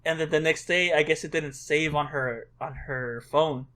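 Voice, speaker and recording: Excitable, foul-mouthed man, fairly high voice. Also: normal speed. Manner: excitable storyteller, swears a lot. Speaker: podcast co-host. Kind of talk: casual chat.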